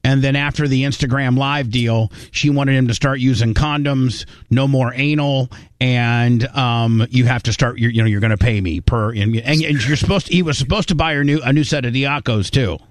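A man's voice: medium pitch, steady tone, normal speed, hardly any pauses, no room sound. A man co-hosting a podcast, talking in a casual, rambling way with lots of restarts and emphatic asides. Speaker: podcast co-host. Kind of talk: casual chat.

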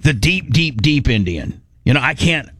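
A man's voice: medium pitch, big pitch swings, moderate pace, a bit bright, no room sound, clean studio sound. A man hosting a casual podcast chat, rambling and stumbling through restarts. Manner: rambling, full of restarts and stammers. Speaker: host.

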